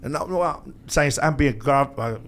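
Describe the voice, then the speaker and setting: A middle-aged man chatting as a studio guest on a podcast. His voice sits a little high, and he laughs often. His English is animated and loose, with non-native grammar. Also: a little slow. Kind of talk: casual podcast chat.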